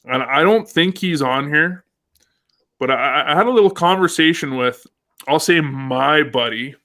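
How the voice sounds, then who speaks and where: Upbeat bright-voiced man hosting. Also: on the high side, lively intonation, measured pace. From Canada. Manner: upbeat, reads viewer comments aloud. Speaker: host. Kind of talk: casual live show chat.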